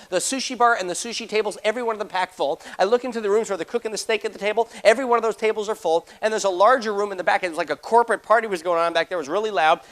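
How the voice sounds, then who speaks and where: A middle-aged man giving a motivational seminar, telling a story fast and acting out the voices of the people in it. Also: high-pitched, a bit bright. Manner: rapid-fire, acts out quoted voices. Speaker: motivational speaker.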